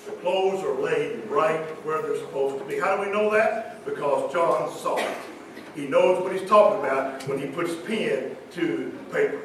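A middle-aged man preaching a sermon in a church, calling for amens and swinging from loud to soft. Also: on the high side, normal speed. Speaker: pastor. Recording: echoey hall from a distance with noise.

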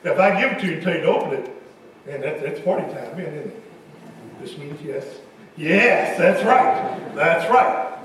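A man's voice: a little high, expressive, normal speed, slight background noise. A man preaching a folksy sermon to his congregation, chatting with members between passages. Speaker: pastor. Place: large church hall. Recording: echoey hall from far off.

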